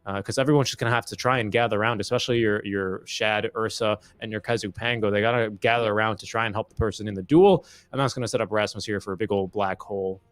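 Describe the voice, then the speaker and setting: A man's voice: lowish voice, fairly even intonation, fast talker, hardly any pauses, a bit bright, no room sound. A man giving live esports play-by-play commentary with an easygoing, jokey manner.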